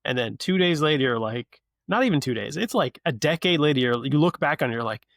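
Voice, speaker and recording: Gravelly man musing on a podcast. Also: fairly high pitch, lively intonation, a little fast, a bit bright, no echo, studio quality. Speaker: podcast host. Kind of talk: casual podcast chat.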